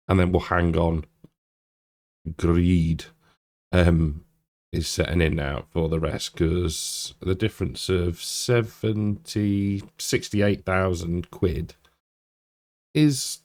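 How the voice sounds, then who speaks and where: A man's voice: low-pitched, a little mellow. A man from England giving casual, rambling commentary while playing a farming game, chatty and self-deprecating. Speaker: gaming channel host. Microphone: desk mic with headphones.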